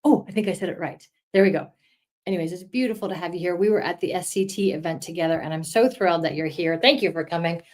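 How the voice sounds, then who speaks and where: A woman's voice: on the low side, quick pace, a little mellow. A middle-aged woman in a casual crafting livestream, chatting and encouraging viewers as she colors. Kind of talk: casual live-stream chat while coloring.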